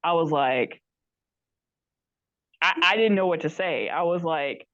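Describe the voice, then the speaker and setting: A woman on a podcast shares a wandering story in casual talk, acting out the dialogue she quotes. She speaks in a low, unhurried voice that's a touch bright, and the recording is dry but muffled.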